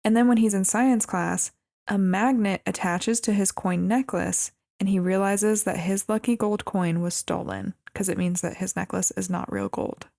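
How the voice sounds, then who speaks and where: A woman co-hosting a movie podcast, walking through the story in casual chat. Her voice is mid-pitched with a steady gravelly fry. She adds wry, amused remarks about how odd the plot is. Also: normal speed. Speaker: podcast co-host.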